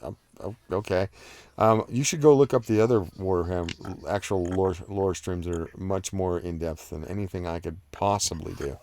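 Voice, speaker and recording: Hosting a live stream, a man with a deep voice at normal speed and a darkish tone reads out viewer comments and chats about them casually, rambling with lots of fillers and restarts. There's no room sound.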